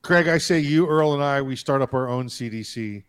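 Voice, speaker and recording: A man co-hosting a podcast, rambling and joking deadpan in casual chat. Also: medium pitch, moderate pace, clear, resonant tone. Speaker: podcast co-host.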